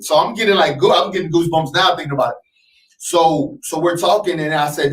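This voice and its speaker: An animated man tells a story as a radio interview guest and acts out every voice in it. His voice sits fairly high. He sounds set back from the mic in an echoey room. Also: brisk, recorded from a distance. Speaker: interview guest, clothing designer.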